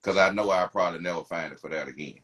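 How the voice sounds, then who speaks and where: A man's voice: low-pitched, fast talker, fairly bright tone, husky, low-quality recording. A man on a podcast video call, talking in a laid-back, blunt way with slang and cursing. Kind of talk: casual chat.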